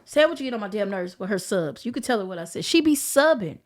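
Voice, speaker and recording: A woman with a Southern American accent, a podcast guest telling stories in casual chat, animated and profane. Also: mid-range voice, quick pace.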